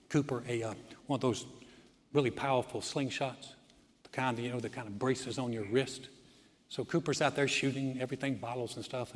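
Pastor, man, mid-pitched, folksy earnest sermon, long church reverb. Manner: folksy storytelling, earnest and direct.

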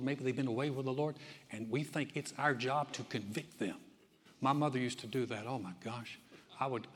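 A man preaching a sermon as pastor in a church, telling stories in a conversational way with frequent restarts. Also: mid-range voice. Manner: conversational storytelling with many restarts. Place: church sanctuary. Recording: long reverb of a church hall.

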